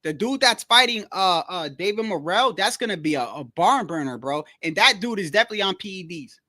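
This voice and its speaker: High-voiced slangy man chatting on stream. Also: fairly quick, no room sound, clean studio sound. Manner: slangy, rambling, keeps saying "bro"; animated storytelling, repeats himself. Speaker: livestream host. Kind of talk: casual livestream boxing chat.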